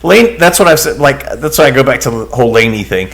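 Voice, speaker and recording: A man co-hosting a podcast, chatting casually in quick, animated bursts. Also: mid-range voice, gravelly. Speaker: podcast co-host. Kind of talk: casual chat.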